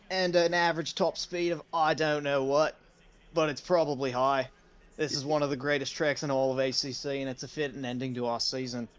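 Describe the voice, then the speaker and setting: A man's voice: fairly high pitch, steady tone, normal speed, smooth. A man giving casual, joking commentary on a sim racing stream. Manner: playful, hamming up jokes. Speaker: race commentator.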